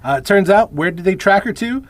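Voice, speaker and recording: A man's voice: high-pitched, expressive, brisk, no echo. A man co-hosting a podcast, recapping a movie with dry wisecracks. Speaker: podcast co-host. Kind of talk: casual movie recap chat.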